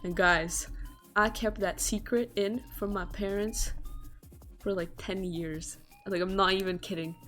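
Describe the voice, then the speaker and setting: A young woman streamer telling a childhood story on stream, acting out the voices with gasps and loud jumps. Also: mid-range voice, steady tone, measured pace, faint music behind.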